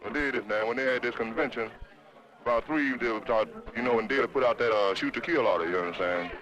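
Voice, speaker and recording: Rapid, rambling streetwise man, slangy; dull old film recording. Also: mid-range voice, fairly bright tone. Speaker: interviewee. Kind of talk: heated street interview. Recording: dull 1960s documentary film audio.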